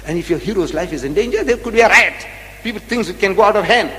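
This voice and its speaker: A man's voice: sits high, animated, fast, pushed and bright. Male lecturer, rhetorical and repetitive, echoing hall sound. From South Africa. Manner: rhetorical, repeats phrases, questions the audience. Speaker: religious lecturer. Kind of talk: public religious debate lecture.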